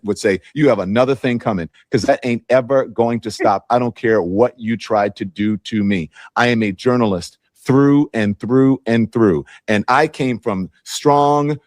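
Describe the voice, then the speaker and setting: A man's voice: mid-range voice, darkish tone, no room sound. Defiant man from Louisiana, dry and close. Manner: defiant, emphatic, drawn-out phrases. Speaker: journalist. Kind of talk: defiant speech from a clip.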